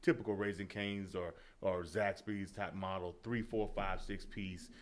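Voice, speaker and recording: A man's voice: sits low, steady tone, a little slow, slight background noise. A man chatting casually on a podcast, telling a story about running his restaurant. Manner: chatty, agreeing interjections, plain storytelling. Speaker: podcast co-host and restaurant owner. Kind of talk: casual chat.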